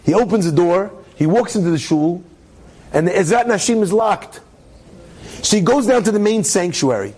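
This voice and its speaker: A man, a rabbi, telling a story to an audience in an animated, joking way, acting out the voices. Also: high-pitched, normal speed, breathy edge.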